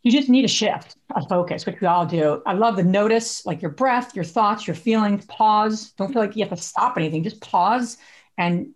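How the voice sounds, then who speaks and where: A woman's voice: mid-range voice, moderate pace. Chatty woman podcast host. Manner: chatty, many likes, laughs while talking. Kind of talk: casual chat.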